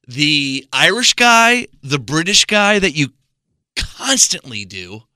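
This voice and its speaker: An American man co-hosting a podcast, teasing his friend in a mock-exasperated, animated way. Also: a little high, slow, no echo, studio quality. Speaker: podcast co-host. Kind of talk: casual podcast banter.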